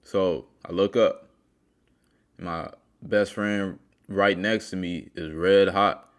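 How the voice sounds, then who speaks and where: A man's voice: sits low, fairly even intonation, slow. A man hosting a self-help video, speaking earnestly and straight to the viewer as he tells a personal story in a motivational monologue.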